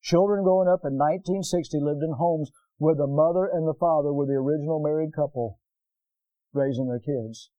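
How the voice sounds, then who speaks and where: A male pastor preaching a folksy sermon, rising to loud exclamations and then dropping low and slow. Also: no room sound, highs cut off. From United States.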